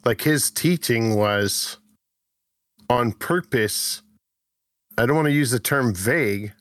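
A man's voice: medium pitch, slow, no room sound, studio quality. Chatty man riffing on scripture. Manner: rambling, animated, self-interrupting. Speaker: podcast co-host. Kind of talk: casual faith discussion.

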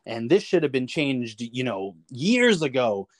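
Animated, swearing male storyteller. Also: mid-range voice, measured pace, no room sound. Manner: animated storyteller, swears freely, acts out quoted lines with chuckles. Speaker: podcast guest, navy veteran. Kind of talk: casual anecdote told in an interview.

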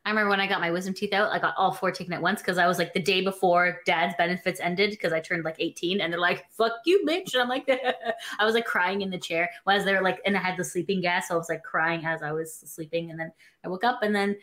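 A woman co-host on a casual podcast, telling animated anecdotes with swearing and quoted voices. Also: on the low side, fast.

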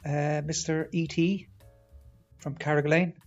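A man's voice: a little high, flat delivery, unhurried, highs cut off, faint music behind. A man with a Cork Irish accent co-hosting a podcast in a laid-back, joking way. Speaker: podcast co-host. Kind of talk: casual chat.

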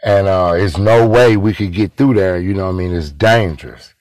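A man's voice: sits low, normal speed, a little mellow, dry recording. Rambling man. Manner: rambling, repeats himself, addresses listeners as y'all. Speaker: storyteller. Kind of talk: casual spoken storytelling.

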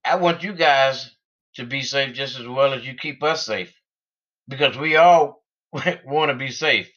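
A man's voice: mid-range voice, measured pace, a bit bright, lo-fi sound. A man vlogging in an unscripted, rambling way, earnest and laughing between thoughts. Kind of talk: casual unscripted monologue.

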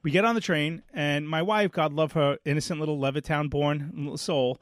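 A man, a podcast co-host telling a story in casual chat, animated and profane. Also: a little high, brisk, dry recording, studio quality. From Brooklyn, New York. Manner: animated, profane, acts out quoted voices.

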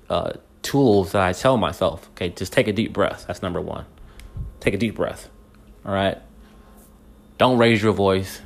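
A man hosting a motivational podcast, talking earnestly and reflectively with many restarts and fillers. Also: lowish voice. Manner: faith-based encouragement. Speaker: podcast host.

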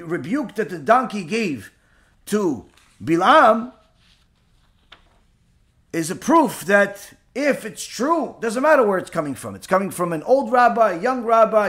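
Male rabbi, high-pitched, emphatic sermon delivery rhetorical questions. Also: big pitch swings, unhurried, fairly bright tone. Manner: emphatic, rhetorical questions, mixes Hebrew terms. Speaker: rabbi giving a Torah class.

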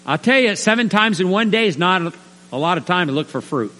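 Animated man preaching in a reverberant hall. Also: sits high, fairly quick. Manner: animated, acts out little scenes with put-on voices. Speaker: pastor. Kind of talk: sermon. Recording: reverberant hall with faint mains hum.

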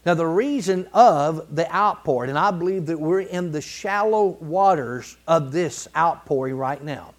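A man preaching a sermon in a folksy, colloquial way, building to emphatic repeated phrases and clearing his throat now and then. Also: on the high side, measured pace, hardly any pauses. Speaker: pastor.

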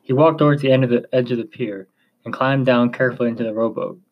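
A man narrating a chapter of a story in a slow, measured reading voice. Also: mid-range voice, fairly even intonation, highs cut off.

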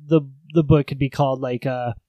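A man co-hosting a podcast, laid-back, cracking deadpan jokes and laughing often. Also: mid-range voice, a little fast, no room sound, lo-fi sound. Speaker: podcast co-host. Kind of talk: casual chat.

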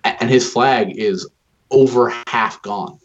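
A man's voice: mid-range voice, takes it slowly. A man co-hosting a casual, profane podcast chat, rambling and swearing freely. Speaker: podcast co-host. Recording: dull lo-fi recording.

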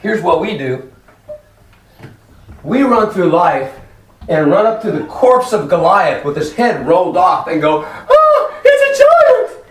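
A man preaching a lively sermon in a church hall, acting out voices as he tells stories. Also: a little high, measured pace, pauses often. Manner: animated, acts out voices in stories. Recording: echoey hall, from far off, faint noise.

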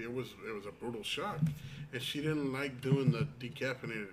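Brief: mid-pitched man, rambling anecdotes, faint hiss behind. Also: normal speed. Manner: rambling storyteller, many restarts and quoted asides. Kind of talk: casual chat.

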